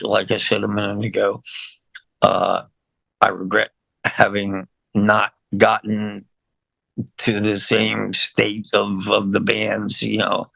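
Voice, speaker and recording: A man's voice: lowish voice, gravelly, sharp tone, no echo. An older man, a musician guest in a casual interview, talking in a rambling, emotional way with lots of fillers and laughs.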